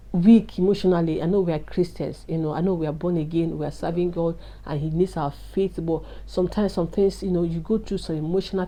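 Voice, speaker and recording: A woman's voice: on the low side, dark tone. Earnest woman sharing a testimony. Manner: earnest, confiding, addresses viewers as guys. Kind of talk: emotional personal testimony.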